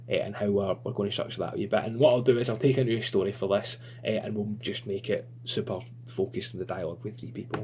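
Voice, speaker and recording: A man's voice: medium pitch, darkish tone, slight background noise. A man giving a chatty, informal online creative writing lesson. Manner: chatty and informal, lots of fillers.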